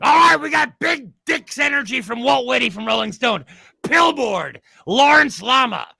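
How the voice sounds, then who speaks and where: A man's voice: extremely high pitch, animated, moderate pace, creaky, breathy edge, no room sound, full character voice. A man playing a brash, blustering host of a mock news panel in a comedy sketch, on a video call. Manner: loud, blustering, pushy.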